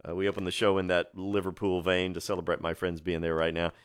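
A man's voice: deep voice, completely flat delivery, fast, clean tone, dry recording. A man hosting a music radio show into a studio microphone, chatty and enthusiastic, telling stories between records with frequent restarts.

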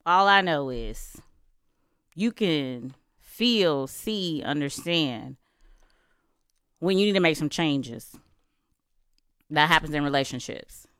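A woman's voice: low-pitched, expressive, takes it slowly, long pauses, fairly bright tone, clean tone, dry recording, clean studio sound. A woman giving casual advice on relationships in a talk, emphatic and conversational, often asking rhetorical questions.

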